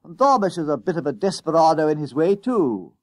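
A man voicing an eager, boastful young schoolboy with a high, excited voice. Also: fairly quick, dry recording.

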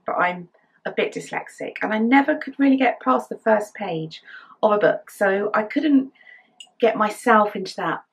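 A woman's voice: medium pitch, expressive, normal speed, breathy edge. A middle-aged English woman hosting a knitting podcast, chatting in a rambling, casual way, her voice tired today. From England. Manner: chatty, rambling, with fillers and giggles. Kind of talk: casual chat.

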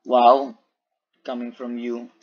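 A man's voice: medium pitch, completely flat delivery, slow, highs cut off. A man giving casual commentary on a game over a group call, playful and teasing, laughing often. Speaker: gameplay commentator.

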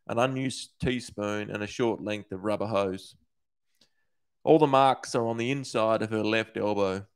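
Man reading a dark story aloud. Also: lowish voice, clean tone. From Australia. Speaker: author.

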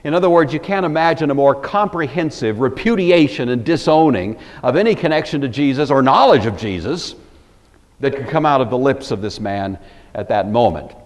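A man's voice: mid-range voice, expressive, fairly quick, long reverb tail. A man from the Pacific Northwest giving a Bible study lecture, emphatic and wry, with conversational asides. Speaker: Bible teacher.

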